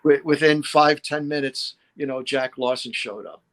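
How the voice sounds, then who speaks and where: A man's voice: a little high, fairly even intonation, moderate pace, a bit bright. Rambling man telling fan stories. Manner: rambling, many "you know" fillers. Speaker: guest historian. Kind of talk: casual podcast storytelling.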